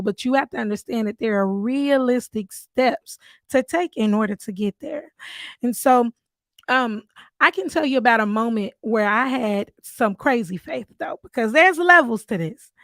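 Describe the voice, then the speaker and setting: A woman's voice: on the high side, no room sound. Earnest woman telling her story. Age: adult, mother of three. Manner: earnest, storytelling, with warm asides. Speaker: podcast host. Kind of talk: personal testimony on faith.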